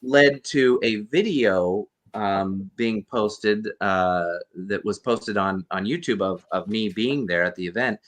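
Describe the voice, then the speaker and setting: A man's voice: fairly low pitch, takes it slowly, hardly any pauses, fairly bright tone. A man, a guest actor and costume performer, earnestly telling a rambling story over a video call. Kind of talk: casual storytelling interview.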